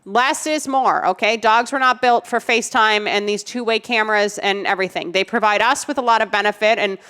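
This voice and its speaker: A woman's voice: mid-range voice, fairly even intonation, fairly quick, sharp tone, smooth. A woman co-hosting a podcast, giving firm, emphatic advice in a casual chat full of "you know"s. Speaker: podcast co-host, dog trainer.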